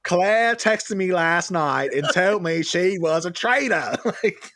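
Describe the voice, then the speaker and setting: Guy on a podcast, lively up and down voice, fairly high, laughs a lot, dry close sound. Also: slow pace, no echo. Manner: animated, laughing, acts out quoted people. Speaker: podcast co-host. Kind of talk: casual chat.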